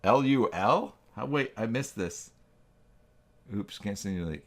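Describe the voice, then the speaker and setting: A man with a notably low, deep voice hosts a casual live stream. He thinks aloud as he works and reads his chat, and he pokes fun at himself along the way. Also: expressive, unhurried. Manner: thinks aloud, reacts to chat, self-deprecating.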